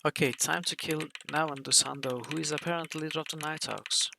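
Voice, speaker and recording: A man's voice: fairly high pitch, fairly even intonation, brisk, vocal fry, noisy background. A man streaming a role-playing game, thinking aloud and reading the story text as he plays.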